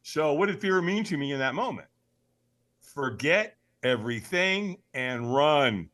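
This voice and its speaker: Animated, bright-voiced storytelling man. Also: fairly high pitch, a little slow. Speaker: podcast guest. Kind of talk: storytelling in an interview.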